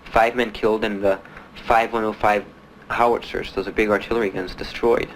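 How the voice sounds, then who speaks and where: Low-voiced man recalling, halting. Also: level tone, slight background noise, low-quality recording. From Miami, United States. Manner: plain-spoken, halting, many fillers. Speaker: interviewee, Marine veteran. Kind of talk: interview recollection.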